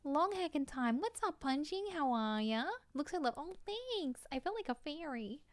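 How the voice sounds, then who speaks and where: Bubbly high-voiced woman streamer. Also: very animated, normal speed, dry recording. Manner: bubbly, giggly, scattered. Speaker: live streamer. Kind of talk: casual live-stream chat.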